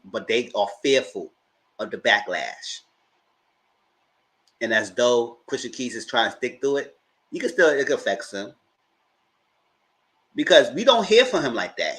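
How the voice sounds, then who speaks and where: A man with hosts a casual livestream and talks straight to his viewers. His pitch sits in the middle but swings widely as he presses his points. He sounds emphatic and animated. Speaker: livestream host.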